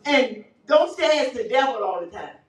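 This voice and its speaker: A woman pastor delivering a fervent sermon, building up to shouts and often breaking into laughter. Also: a little high, animated, moderate pace. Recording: echoey church audio from far off.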